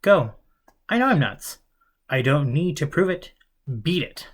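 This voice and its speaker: A man's voice: on the high side, big pitch swings, measured pace, pitched above the performer's own voice. A man doing a jittery, stammering young man. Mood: nervous. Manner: stammering, anxious. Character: nervous young man, confused and scared.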